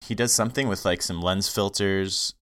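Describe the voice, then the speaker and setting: A man's voice: low voice, steady tone, moderate pace, a bit bright, clean tone. A man co-hosting a casual film podcast, enthusiastically listing a cinematographer's credits. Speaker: podcast co-host.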